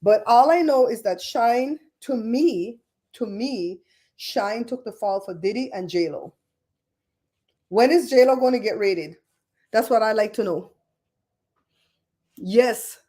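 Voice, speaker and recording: A middle-aged woman hosting a livestream, chatting casually in an animated, gossipy way with frequent laughs. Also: medium pitch, takes it slowly, long pauses. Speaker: livestream host.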